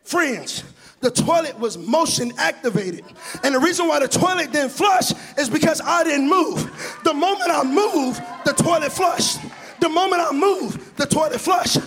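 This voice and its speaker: A man preaching a sermon in a chanting, shouted cadence, mixing scripture with humorous personal stories. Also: extremely high pitch, expressive, normal speed, in a large hall. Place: church sanctuary.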